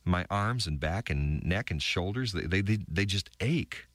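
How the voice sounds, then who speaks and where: A man voicing the weary, bitter wife of an ark builder, reading her diary entries with halting, stammered restarts. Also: sits low, expressive, a bit bright, no echo, heavily acted. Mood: exhausted.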